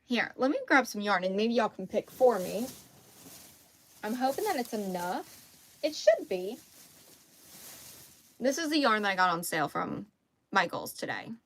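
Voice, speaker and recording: A woman's voice: medium pitch, very animated, moderate pace, pauses often, a little hiss or hum. A young woman with a Southern US accent chatting casually on a crochet livestream, reading out viewer comments and laughing easily. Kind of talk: casual live chat.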